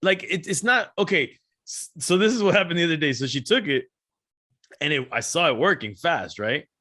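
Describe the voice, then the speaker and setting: Lively bright-voiced man telling stories. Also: fairly high pitch, moderate pace. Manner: animated storyteller, laughs often, swears casually. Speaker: podcast co-host. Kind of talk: casual chat.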